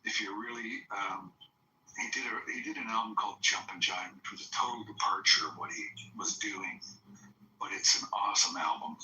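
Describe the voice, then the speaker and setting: A man's voice: lowish voice, bright, forceful tone. A man saying a friendly goodbye to a chat room and recommending music. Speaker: listener. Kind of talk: casual chat. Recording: roomy, distant mic, faint noise.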